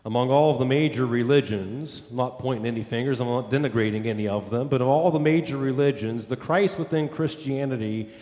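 A man's voice: medium pitch, fairly quick, few pauses, a little mellow, reverberant, long reverb tail. A male pastor preaching a sermon, emphatic, building points through repeated lists.

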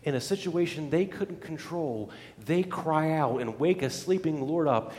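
A pastor delivers his sermon with a high, lifted voice. He drops into hushed, low phrases, then rises into loud, fervent exclamations. The sound rings with the long reverb of a large hall. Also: lively intonation, measured pace. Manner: dramatic, swings between hushed low lines and loud exclamations.

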